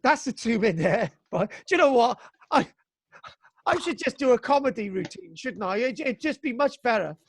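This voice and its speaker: A man from Britain teaching archaeology to young students over a video call, excitable and jokey, mock-exasperated, tagging "right?" onto his sentences. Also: extremely high pitch, moderate pace, breathy edge, no echo. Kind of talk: live online class.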